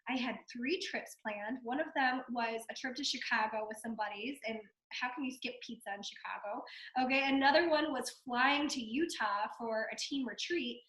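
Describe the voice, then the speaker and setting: A woman in her thirties, hoarse from a cold, giving a chatty motivational fitness talk full of "like" and "okay". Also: a little high, normal speed, a bit bright. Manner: chatty, fillers and repeated okay. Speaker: fitness coach guest. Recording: echoey room.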